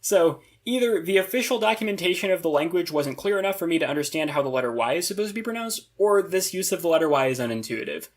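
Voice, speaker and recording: A man's voice: high-pitched, expressive, fast talker, hardly any pauses. A man narrating a scripted review of a constructed language, analytical with dry, wry asides. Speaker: conlang reviewer.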